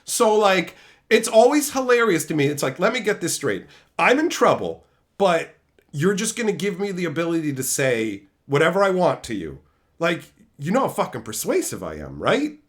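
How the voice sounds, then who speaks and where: A man's voice: fairly high pitch, moderate pace. A man telling brash, profane stories in a casual stream chat. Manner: profane, brash, animated storytelling.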